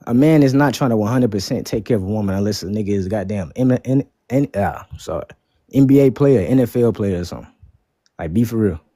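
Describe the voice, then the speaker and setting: A man's voice: lowish voice, lively intonation, fast, warm tone, dry recording, studio quality. A young man arguing defiantly and with heavy profanity in a heated debate. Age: young adult. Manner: profane, defiant, talks over others.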